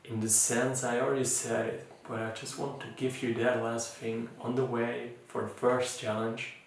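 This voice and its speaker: A man with a non-native English accent, leading a mindfulness challenge as its teacher in an informal, gentle talk full of fillers and restarts. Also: mid-range voice, level tone, moderate pace, gravelly, slight background noise. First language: not English. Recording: echoey room, voice from far off.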